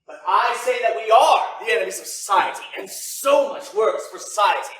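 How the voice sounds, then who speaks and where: A man's voice: sits high, lively intonation, moderate pace, fairly bright tone. A man playing a fiery anarchist firebrand. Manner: impassioned, declaiming. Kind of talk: amateur stage acting. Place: church hall stage, from far off. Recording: echoey hall, distant mic, faint noise.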